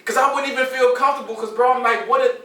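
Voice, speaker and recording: Fast, bright-voiced man in an echoey room. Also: extremely high pitch. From Houston, Texas. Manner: animated storyteller acting out quoted dialogue. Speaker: podcast co-host. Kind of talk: casual group chat. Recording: echoey room, mic at a distance.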